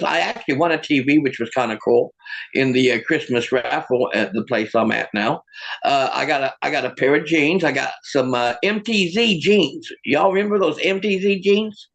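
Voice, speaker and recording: Gravelly, self-mocking stand-up comic man. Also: a little high, a bit bright, rough recording. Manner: self-mocking, laughs at own jokes. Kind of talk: stand-up comedy over a video call. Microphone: video call.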